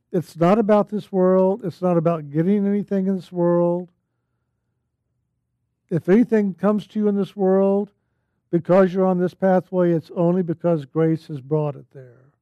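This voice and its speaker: A man with a high, soft-edged voice gives a spiritual talk at an unhurried pace. He speaks earnestly, at times bursting into loud, laughing exclamations. The recording is dry and slightly dull. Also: dry recording. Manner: slow, earnest, bursts into yelling quotes and laughter. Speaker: spiritual teacher.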